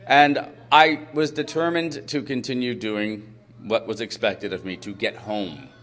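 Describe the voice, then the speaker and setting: A man in a mid-range voice tells a personal story to an audience with humor and energy. He swings between loud, excited bursts and quiet, reflective asides. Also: medium pitch.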